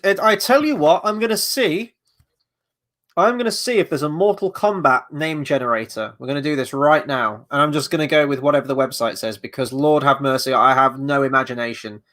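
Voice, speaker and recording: Male watchalong host, slightly high voice, loose rambling commentary, casual swearing. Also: brisk, fairly bright tone. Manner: reads out and answers chat questions. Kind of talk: live movie watchalong commentary.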